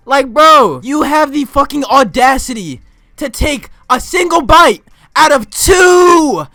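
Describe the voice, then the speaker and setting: A young man with a high, bright voice tells a story in a loose vlog rant. He is excitable and profane, and he keeps jumping into shouts. The sound is close and dry. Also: slow pace, dry recording, soft background music. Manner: excitable, swears often, bursts into shouts and laughter. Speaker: vlogger.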